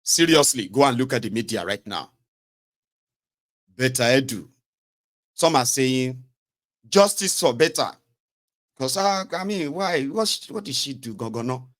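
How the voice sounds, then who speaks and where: A man's voice: medium pitch, animated, normal speed, long pauses, a bit bright. A man with a Nigerian accent giving casual political commentary in a rambling, mocking way, slipping between English and pidgin. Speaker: commentary host.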